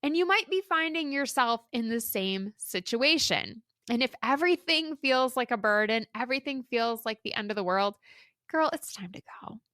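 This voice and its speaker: Solo podcast host, woman in her thirties, animated storyteller, dry studio sound. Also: fairly high pitch, normal speed, few pauses, dry recording. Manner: chatty, candid, animated storytelling. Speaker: podcast host and career coach.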